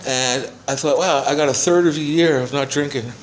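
A man in his seventies rambles through his personal testimony before a small audience at a recovery meeting, using profanity and self-mocking humor. His voice is a little high at normal speed, and the low-quality recording has some hiss or hum.

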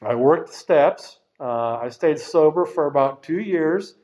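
In a dull lo-fi recording from a recovery meeting, a middle-aged man shares his own story in an unhurried, rambling, frank way, swearing casually. His voice is a little high, expressive, and a little mellow.

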